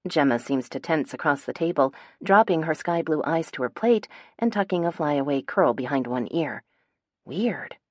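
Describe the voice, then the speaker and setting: A young woman reads a first-person romance audiobook. Her natural voice sits low, and she lifts it brightly for the chatty friends in the scene. The recording is dry and close, with no room sound. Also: moderate pace, dry recording. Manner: lively, voicing bantering friends with raised pitch. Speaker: audiobook narrator.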